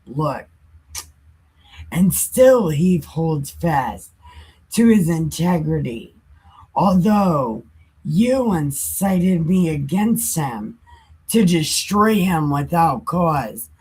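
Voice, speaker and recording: Stern, put-upon God, voiced by a woman; husky and slow-spoken. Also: deep voice, sing-song, a little mellow, full character voice, poor audio. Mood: indignant. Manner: indignant scolding. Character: exasperated male God, stern and scolding.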